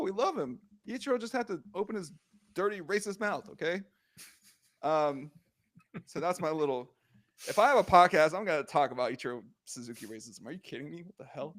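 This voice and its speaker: A young man hosting a casual sports podcast, animated and joking, heated as he rants, full of slang and filler words. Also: high-pitched, a little fast. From Korean American. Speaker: podcast host.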